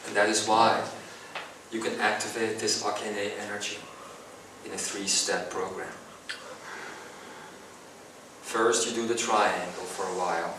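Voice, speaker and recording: A man giving a live spiritual seminar talk, earnest and slow, with long pauses between phrases. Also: on the low side, level tone, background noise. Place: seminar hall. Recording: echoey hall recorded from far off.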